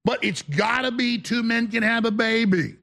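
Male host, high, husky voice, tense and hard-edged, combative mocking rant with shouted bursts. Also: moderate pace. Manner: stammering restarts when worked up. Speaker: talk show host. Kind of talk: ranting monologue to viewers.

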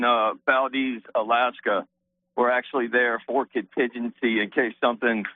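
A man's voice: mid-range voice, no room sound. A man calling in to a radio show, a little out of breath, explaining things earnestly and politely. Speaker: caller. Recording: tinny phone line.

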